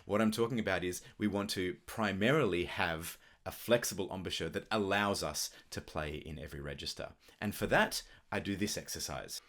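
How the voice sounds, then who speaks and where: A middle-aged man explaining clarinet embouchure in a relaxed, thoughtful teaching manner, with the odd filler as he talks. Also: low voice, moderate pace, few pauses. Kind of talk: instructional video talk.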